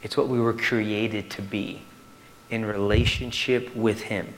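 A male pastor preaching a sermon to his church in an animated way, swinging from loud to hushed. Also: lowish voice, measured pace, slight background noise.

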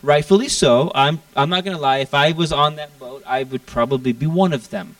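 A young man from Florida preaching a casual, animated sermon and acting out the lines he quotes. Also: fairly high pitch, brisk, dry recording, distant mic, rough recording. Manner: animated, acts out quotes in a raised voice. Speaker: pastor.

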